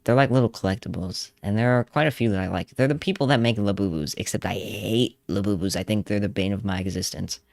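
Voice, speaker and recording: A man's voice: on the low side, fast, creaky, few pauses, no room sound. A young man streaming, chatting casually and rambling with laughs while he draws. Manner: rambling, laughing, hums along to songs. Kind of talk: casual livestream chat while drawing.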